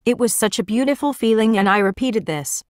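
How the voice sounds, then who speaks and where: A woman's voice: fairly high pitch, animated, brisk. A woman giving a first-person religious vision testimony in an earnest, plain storytelling manner.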